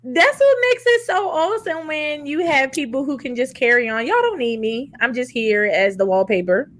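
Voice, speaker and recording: A woman's voice: high voice, sing-song, moderate pace. A woman hosting a casual group chat podcast, laid-back and easygoing, who says y'all and facts. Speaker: podcast host.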